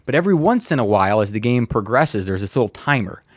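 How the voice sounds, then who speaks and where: A man co-hosting a board game podcast, calmly explaining how a game plays in casual chat. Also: fairly low pitch, quick pace, dry recording. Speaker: podcast co-host. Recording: dry close mic.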